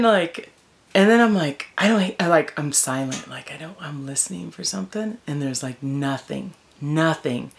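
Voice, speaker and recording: A woman vlogger telling a story in a casual, animated way from inside her tent in the woods, filling her talk with "like" and "you know". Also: sits low, moderate pace, gravelly. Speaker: wilderness vlogger.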